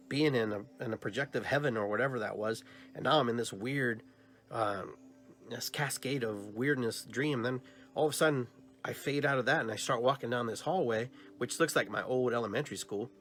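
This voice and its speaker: A man's voice: mid-range voice, brisk. A man hosting a podcast, telling a personal dream story and acting out both sides of the conversations. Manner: animated retelling, acts out both sides of dialogues; long trailing phrases with filler and restarts. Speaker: podcast host.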